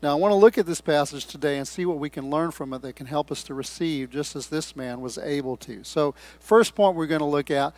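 A man's voice: a little high, brisk, few pauses, darkish tone. A man preaching a sermon, reading scripture and stressing key words while asking the congregation questions.

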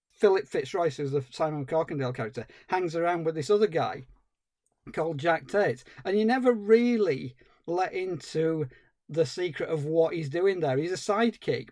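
A man co-hosting a podcast, giving an animated, exasperated film review with dry humour. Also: high voice, dry recording. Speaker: podcast co-host. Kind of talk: casual film review chat.

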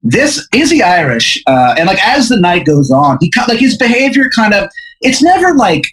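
Guy rambling thru a goofy made-up story, lots of uh and like, pitch bouncing all over. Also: wildly swooping pitch, moderate pace, a bit bright, slightly rough, low-quality recording. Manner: rambling, lots of fillers, laughs mid-sentence. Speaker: podcast host. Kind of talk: improvised comedic storytelling.

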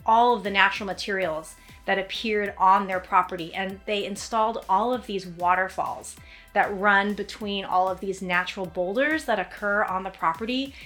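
A woman's voice: medium pitch, normal speed, fairly bright tone, faint music behind. A woman hosting an author commentary segment, chatting casually and enthusiastically. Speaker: author and host. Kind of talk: casual chat.

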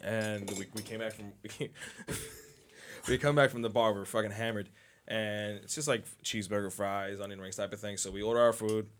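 A man co-hosting a podcast who tells an excitable story in casual chat and swears freely. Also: lowish voice, fairly quick, a little hiss or hum. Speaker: podcast co-host.

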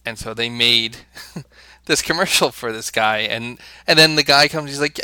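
Bright-voiced American man chatting. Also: mid-range voice, moderate pace, clear, resonant tone, dry recording. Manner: rambling, with many restarts and fillers. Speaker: podcast co-host. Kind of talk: casual podcast chat.

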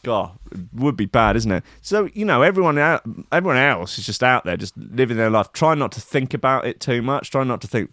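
A man's voice: mid-range voice, lively intonation, a little fast, a bit bright, no echo, clean studio sound. A man hosting a comic riff on the news, rambling and sardonic, swearing and mocking himself. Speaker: comedian host.

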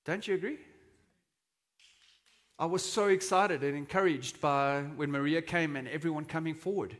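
Male pastor, fairly high bright voice, chatty sermon, lingering hall reverb. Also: normal speed. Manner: conversational, dramatizes quotes with shouting. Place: church hall. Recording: long reverb of a church hall.

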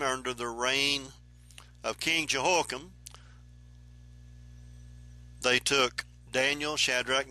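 A man teaching the Bible verse by verse in an unhurried, explanatory way, reading passages aloud and then commenting on them. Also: mid-range voice, bright, forceful tone.

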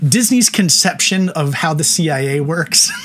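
A man's voice: fairly high pitch, expressive, moderate pace, heavy background noise. A man in his forties co-hosting a casual movie podcast, chatty and wry, laughing often as he talks. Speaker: podcast co-host. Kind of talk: casual film discussion.

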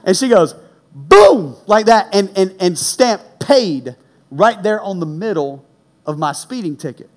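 Guy preaching, high voice, animated storyteller, goes loud on punchlines then low and quiet. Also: a little slow. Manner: animated storyteller, shouts punchlines, drops low for serious points. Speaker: pastor. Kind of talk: sermon with personal story.

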